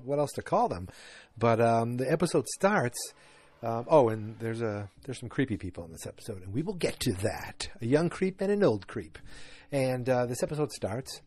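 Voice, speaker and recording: A man's voice: medium pitch, darkish tone. Chatty man recapping a TV episode. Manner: chatty, rambling, many fillers and restarts. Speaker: podcast host.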